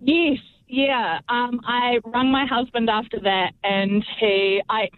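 A woman's voice: a little high, fairly even intonation, slow pace, slight background noise. A woman calling in to a radio show, telling a rambling story and laughing at her own bad luck. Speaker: caller. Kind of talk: phone-in story. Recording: tinny phone line.

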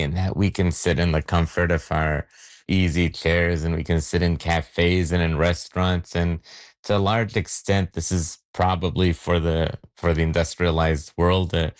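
A man, a magazine editor, giving thoughtful interview answers in a measured way with frequent restarts. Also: low voice, dry recording.

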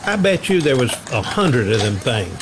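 A man's voice: mid-range voice, very animated, normal speed, noisy background. Folksy man rambling on. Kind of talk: casual chat.

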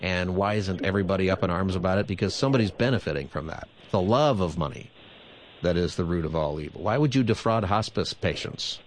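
Relaxed low-voiced pastor hosting a call-in show. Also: male voice, fairly quick, a little hiss or hum. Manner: relaxed, conversational, repeats phone number. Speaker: radio talk show pastor host. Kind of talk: call-in radio talk.

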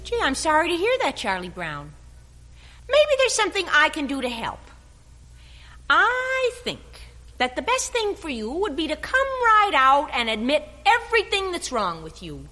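A woman's voice: sits high, huge pitch swings, normal speed, pushed and bright, full character voice. A woman playing Lucy, a bossy, know-it-all young girl, in a stage musical with a brash, condescending manner. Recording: reverberant stage recording.

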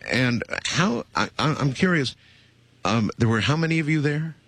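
A man's voice: mid-range voice, animated, normal speed, fairly bright tone, slightly rough, no echo. A man hosting a radio interview, asking probing, skeptical questions. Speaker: radio host.

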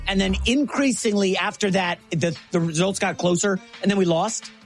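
A man's voice: high voice, normal speed, soft background music. A man co-hosting a sports talk show, chatting casually and setting up the next topic. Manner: conversational, chatty, sets up segments.

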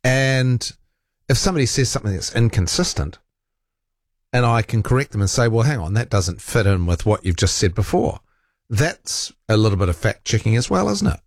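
A man's voice: mid-range voice, sing-song, normal speed, no room sound, studio quality. A man hosting a talk radio show, reading out listener texts and arguing back in a rambling, self-correcting way.

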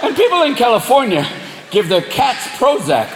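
A man doing stand-up comedy, animated and profane, acting out voices before a live audience. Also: very high-pitched, moderate pace, slight background noise. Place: large venue with audience. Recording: echoey live venue, loud crowd laughter.

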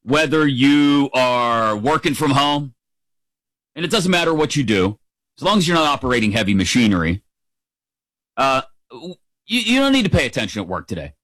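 A man's voice: mid-range voice, big pitch swings, moderate pace, pauses often, a bit bright, dry recording, rough recording. Upbeat man hosting sports radio. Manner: upbeat, playful, rambling.

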